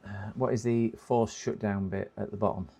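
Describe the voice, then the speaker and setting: Low-voiced man thinking aloud. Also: little pitch movement, moderate pace, creaky, dark tone, slightly rough. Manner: thinking aloud, hesitant, reading instructions half to himself. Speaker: repair streamer. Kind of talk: casual live-stream chat. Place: repair workbench.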